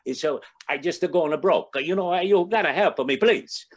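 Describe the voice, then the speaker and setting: A man's voice: fairly high pitch, moderate pace, voice pushed up, lightly acted. An older man voicing a desperate, poor Italian immigrant man in broken English, with a put-on Italian accent. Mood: pleading. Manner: broken English, pleading and insistent.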